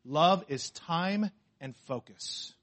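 A man with a notably high voice preaches to his congregation. He drives points home by repeating short phrases, throws questions at the room, and swings between loud emphatic bursts and hushed, confiding asides. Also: expressive, takes it slowly. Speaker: pastor. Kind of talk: sermon.

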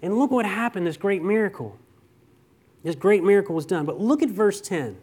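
High-voiced man preaching a conversational sermon. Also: expressive, normal speed, a little mellow, breathy edge. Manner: conversational storytelling preacher, asks rhetorical questions. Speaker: pastor.

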